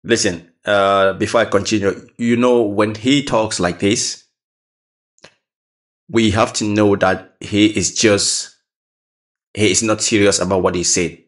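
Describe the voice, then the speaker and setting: A man with a fairly low voice reacts casually to a clip, speaking in a plain conversational way. He often repeats a phrase to drive his point home. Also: steady tone, measured pace, pauses often. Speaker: reaction video host. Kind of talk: casual commentary over a clip.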